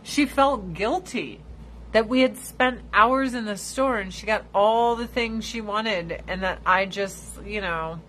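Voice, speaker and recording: A woman hosting a casual livestream chat, telling blunt, profane stories and squealing high when she imitates other people. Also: slow pace, a bit bright, slight background noise, rough recording. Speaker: livestream host.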